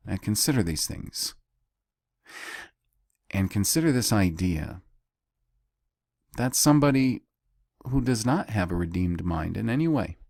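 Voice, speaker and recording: A man with a low, deep voice leads a Bible study at an unhurried pace. He teaches deliberately, pausing between phrases and repeating key words. The recording is close and dry. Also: darkish tone, no room sound.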